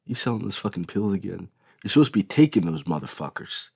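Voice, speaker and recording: A man reads an audiobook, voicing an angry, blunt, profane, domineering middle-aged father in an exaggerated voice pitched above his own. The result is low, expressive, and fast, gravelly and slightly rough yet a little mellow. The recording is dry with clean studio sound.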